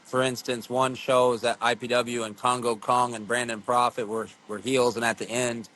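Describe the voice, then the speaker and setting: A man who wrestles, telling stories as a podcast guest in a rambling, profane, animated way. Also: medium pitch, moderate pace, slight background noise. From USA. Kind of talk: casual storytelling interview.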